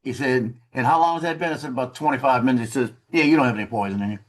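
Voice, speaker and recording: A man's voice: medium pitch, rapid-fire. A man casually telling a story over a video call, rambling and repeating words, laughing at his own tale.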